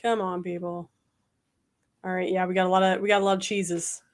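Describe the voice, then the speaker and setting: A woman's voice: fairly low pitch, little pitch movement, a little fast. A woman co-hosting a casual livestream, reading trivia questions and joking. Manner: playful, laughs often. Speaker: livestream co-host, trivia reader.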